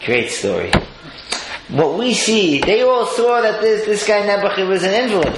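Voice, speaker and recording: A man giving a sermon-style Torah talk, telling stories lively swings between high exclaims and low murmurs. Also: normal speed. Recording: echoey room with faint noise.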